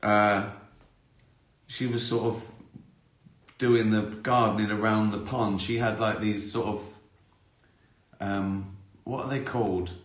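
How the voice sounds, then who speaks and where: A man's voice: lowish voice, fairly even intonation, takes it slowly, pauses often. A man hosting a live stream, rambling through self-mocking anecdotes with the odd swear. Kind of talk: casual anecdotal chat. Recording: roomy echo.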